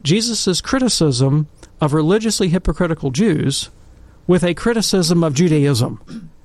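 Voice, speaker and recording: Speaking unhurriedly in a slightly high voice, a middle-aged man who comments on Catholic matters recounts a story from his childhood, acting out the quotes with animation, before turning to scripture in a relaxed, casual talk.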